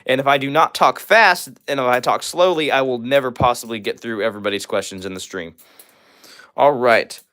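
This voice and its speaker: A young man from Missouri hosting a livestream, rapidly reading and answering viewer comments with lots of fillers. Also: medium pitch, bright, forceful tone, smooth. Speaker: livestream host. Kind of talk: fast live chat reading.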